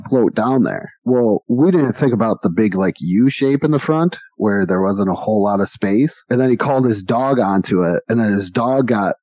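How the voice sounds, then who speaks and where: A man from the United States spins long, rambling stories from his youth in an easygoing chat. His voice is dark and relaxed, and the sound is dry and close to the mic. He slips into quoted voices as he goes. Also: fairly low pitch, normal speed, hardly any pauses, dry recording, muffled recording. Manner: rambling, animated anecdotes with acted-out quotes. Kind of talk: casual storytelling chat.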